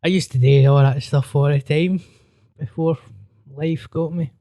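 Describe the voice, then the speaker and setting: A man's voice: fairly high pitch, fairly even intonation, a little slow, dark tone, dry recording. Laid-back Glaswegian man, dry sound. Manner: laid-back, short replies, sweary. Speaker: podcast co-host. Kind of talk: casual chat.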